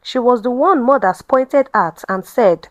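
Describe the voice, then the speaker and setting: A woman hosting her own channel, narrating a story in a calm, measured way. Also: fairly high pitch, no echo.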